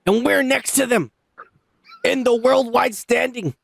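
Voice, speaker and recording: A man co-hosting a casual podcast, ranting loudly with heavy swearing. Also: very high voice, a little slow, gravelly, slight background noise. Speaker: podcast co-host. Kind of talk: profane casual podcast banter.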